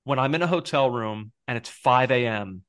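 A man's voice: mid-range voice, normal speed, fairly bright tone, clear, resonant tone, no room sound, clean studio sound. A man co-hosting a sports podcast, talking casually in an earnest, hesitant, self-deprecating way. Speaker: podcast co-host.

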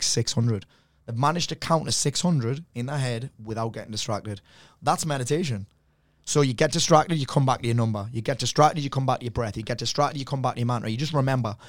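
A man's voice: medium pitch, no echo, studio quality. A man, a mindset coach chatting casually on a podcast, swearing freely and acting out quotes as he tells stories. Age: 40s. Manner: swearing, animated storytelling with quoted voices.

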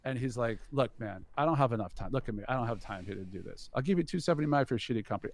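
A middle-aged man tells an anecdote in a gravelly, fry-laced voice at an ordinary pitch. He acts out each person in the story and swears casually. The sound is close and dead, with no room around it. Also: lively intonation, racing, hardly any pauses, no echo. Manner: swears freely, laughs between lines. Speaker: guest telling a business story. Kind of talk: animated anecdote.

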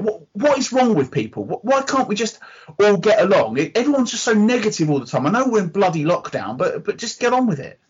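A talkative, opinionated Englishman co-hosts a podcast, ranting his way through a casual chat. He speaks briskly in a high, husky, sing-song voice, and the audio sounds dull and lo-fi.

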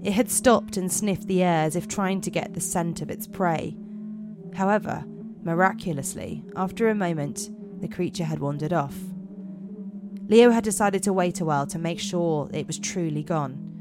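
A woman's voice: on the low side, normal speed, music in the background. A woman podcast host reading horror stories aloud in a put-on American accent, dramatic and giggly with slips.

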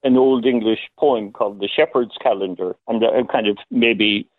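A man, a playwright, talks thoughtfully about his play, pausing often and laughing now and then. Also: lowish voice, no echo. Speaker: playwright guest. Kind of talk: phone interview. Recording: tinny phone line.

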